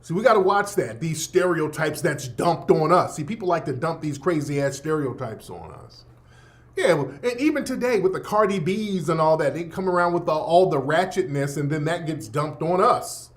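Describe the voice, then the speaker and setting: A man's voice: a little high, expressive, normal speed. A man hosting a radio show, delivering a blunt, profane, emphatic opinion monologue. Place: Los Angeles.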